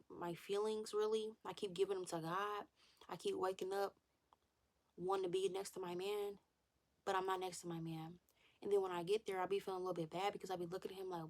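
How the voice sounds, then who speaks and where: A woman's voice: mid-range voice, creaky. A young woman vlogger talking candidly and animatedly about faith and desire, repeating phrases and sometimes dropping to a whisper. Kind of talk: candid casual chat to camera.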